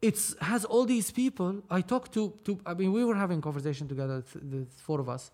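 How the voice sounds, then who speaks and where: A man's voice: high voice, fast talker, warm tone. A man from Lebanon, talking animatedly as a podcast guest, repeating himself as he goes. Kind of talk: casual conversation.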